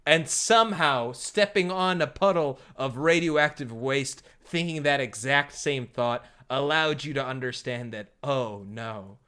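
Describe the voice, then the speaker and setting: A man running a streamed tabletop game as game master, chatty, with frequent fillers and quick laughs. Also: mid-range voice, sharp tone, clean tone.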